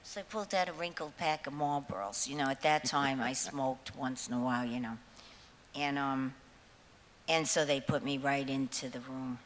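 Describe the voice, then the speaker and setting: A singer in her seventies, nervous before going on, rambles through stories for the audience in a large concert hall. Her voice is a deep rumble with a steady tone at a moderate pace, and she laughs a lot and swears freely. The recording carries hall echo and a faint hiss.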